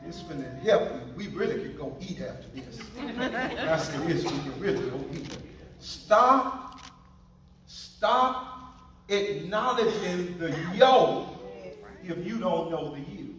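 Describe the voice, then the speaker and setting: A man's voice: a little high, lively intonation, normal speed, heavy reverb, far from the mic, low-quality recording. A man preaching a sermon as pastor, playful and joking with his congregation.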